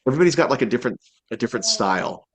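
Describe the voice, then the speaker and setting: A man's voice: medium pitch, very fast. Rambling man voice actor chatting. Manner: rambling, many restarts and fillers, animated quotes. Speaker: voice actor guest. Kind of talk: casual interview chat.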